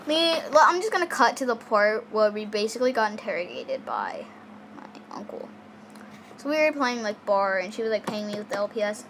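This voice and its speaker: A woman's voice: mid-range voice, background noise. A girl casually telling a personal story in a rambling way, with many fillers and restarts.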